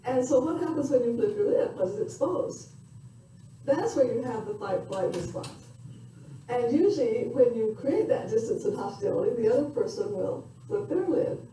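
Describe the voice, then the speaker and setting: An older woman giving a parenting lecture in a reflective, conversational way, pausing with fillers. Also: fairly high pitch, sing-song, warm tone. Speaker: parenting educator. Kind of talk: recorded lecture. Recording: echoey room from far off with faint noise.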